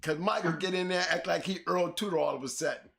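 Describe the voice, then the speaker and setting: A man's voice: high-pitched, quick pace, creaky, a bit bright. A man co-hosting a casual dog-show talk, laughing hard and cursing freely. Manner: laughing, teary-eyed, profane. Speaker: podcast co-host. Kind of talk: casual chat. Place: on camera under a bright light.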